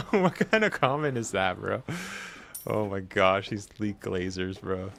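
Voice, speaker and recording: Slow-talking excitable young streamer guy. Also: on the low side. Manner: excitable, laughs often, talks to game characters. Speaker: gaming streamer. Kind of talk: casual live-stream commentary. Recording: clear background noise.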